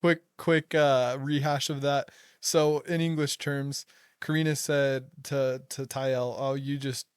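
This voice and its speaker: A man's voice: mid-range voice, slow, smooth, dry recording, clean studio sound. A young man hosting a casual chat, telling stories with frequent laughter. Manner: laughs a lot, excitable storytelling. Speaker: podcast host.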